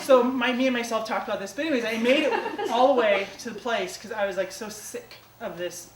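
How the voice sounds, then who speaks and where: A woman's voice: fairly high pitch, quick pace, hardly any pauses, far from the mic, a crowd in the background. Chatty woman telling stories in an echoey theater. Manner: chatty, self-mocking, lots of "like" and "you know". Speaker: comedic storyteller. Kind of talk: live stand-up storytelling. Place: small theater stage before a live audience. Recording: echoey theater taped from afar with audience noise.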